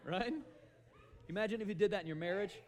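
Man, preacher, sermon, animated, bursts of shouting, slightly high voice. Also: brisk, a faint crowd. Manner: animated, shouts for emphasis and acts out quotes; calls for amen often.

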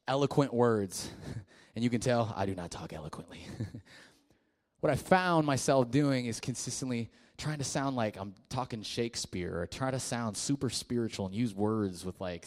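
Man, youth pastor, low-set voice; loose, chatty sermon delivery, goes quiet for stories. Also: normal speed. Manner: casual and conversational, with fillers and restarts; drops to a quiet, hushed voice in the story.

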